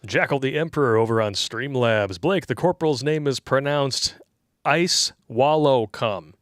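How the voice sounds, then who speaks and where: A man co-hosting a livestream, reading viewer tips aloud and riffing on them with crude, mocking humor. His voice sits at an ordinary middle pitch, recorded close and dry with no room sound. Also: normal speed, fairly bright tone, no room sound. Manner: crude joking, reads tips aloud, laughs at own jokes. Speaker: livestream co-host reading donor messages. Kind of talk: casual livestream chat.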